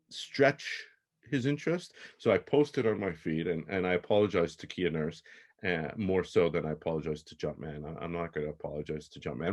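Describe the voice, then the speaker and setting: Man, 40s, very low voice, swooping lively delivery, casual storytelling, chuckles. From Toronto, Canada. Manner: animated, chuckling often, restarts. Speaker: podcast guest.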